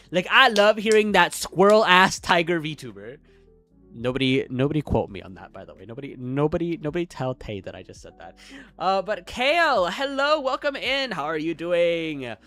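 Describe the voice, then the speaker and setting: A man's voice: high-pitched, sharp tone. A man chatting casually on a live stream, rambling and self-interrupting with lots of fillers.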